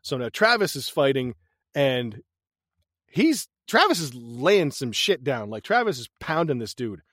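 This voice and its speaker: A man co-hosting a podcast, recapping a movie in casual chat, animated and profane, laughing often. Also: mid-range voice, a little slow, no room sound, clean studio sound. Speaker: podcast co-host.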